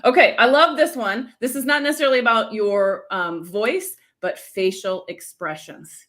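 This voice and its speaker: This middle-aged woman from the US teaches a live-stream lesson as a lively speaking coach, regularly pausing to engage viewers. Her voice sits a little high, and she keeps a moderate pace with few pauses.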